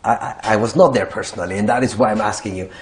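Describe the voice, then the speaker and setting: A man's voice: lowish voice, rapid-fire. A man interviewing a guest, asking questions hesitantly with many fillers and repeated words.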